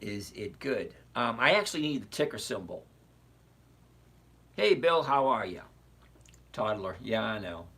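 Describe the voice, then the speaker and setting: A man's voice: mid-range voice, fairly bright tone, slightly rough. A man in his sixties hosting a casual investing livestream, chatty and greeting viewers by name as he goes. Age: 60s.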